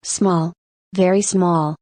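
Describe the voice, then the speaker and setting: A woman's voice: lowish voice, fairly even intonation, slow pace, a little mellow, no echo, clean studio sound. A woman reading aloud as a resolute middle-aged mother who once sang and danced on stage, with a firm, determined manner. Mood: questioning.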